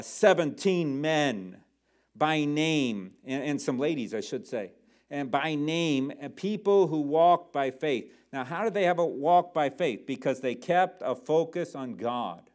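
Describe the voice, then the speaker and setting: A man's voice: mid-range voice, a little mellow. A male pastor preaching a sermon, emphatic and addressing the congregation with rhetorical questions.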